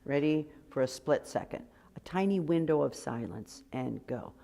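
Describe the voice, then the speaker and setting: A woman's voice: low-pitched, expressive, vocal fry, dark tone. Older woman leading a choir rehearsal. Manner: brisk, encouraging, gives sung demonstrations. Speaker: choir director. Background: choir and piano music.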